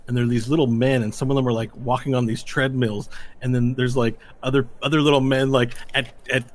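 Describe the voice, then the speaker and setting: Man, game master, tabletop narration, rambling, lively, mid-pitched voice. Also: a little fast. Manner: lively, rambling description with fillers.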